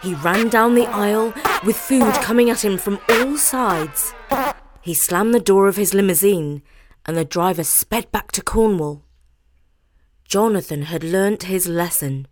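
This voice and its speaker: A woman hosting a show, reading a children's story aloud in an expressive way. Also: mid-range voice, measured pace. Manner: expressive, animated. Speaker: host reading children's stories.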